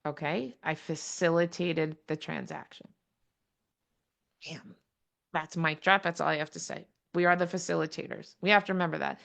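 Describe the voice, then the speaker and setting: Frank woman with a gravelly low voice. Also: steady tone, fairly bright tone. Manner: frank, plain-spoken, quick asides. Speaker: real estate trainer. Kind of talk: online training session talk. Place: home or office on a video call. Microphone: video call.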